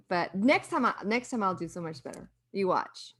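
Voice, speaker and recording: A woman's voice: medium pitch, expressive, normal speed, few pauses, fairly bright tone. A bubbly woman co-hosts a casual podcast chat and laughs easily. Her voice sits in a middle range for a woman and moves up and down a lot. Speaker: podcast co-host and voice actor.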